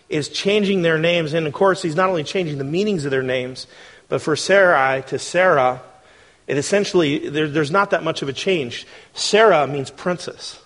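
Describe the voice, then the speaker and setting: A male pastor preaching a sermon, with a voice on the higher side for a man. His delivery is conversational and animated, and he keeps drawing the congregation in with questions.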